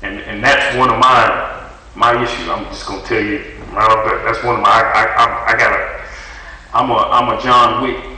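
A man preaching a sermon in a lively, conversational way, acting out voices as he talks. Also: lowish voice, moderate pace. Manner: animated, conversational preaching, acts out voices in dialogue. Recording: echoey hall, mic at a distance.

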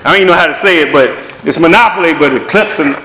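Background noise fills the echoey space as a man preaches a sermon with prophetic words at a racing clip. His slightly high voice is emphatic and conversational, and he repeats phrases to make points land.

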